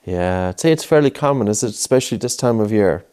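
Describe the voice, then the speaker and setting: A man's voice: lowish voice, lively intonation, quick pace, a little mellow, clean tone. A man coaching a child through breathing exercises, patient and coaxing, repeating his cues. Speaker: breathing instructor. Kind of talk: guided breathing lesson with a child.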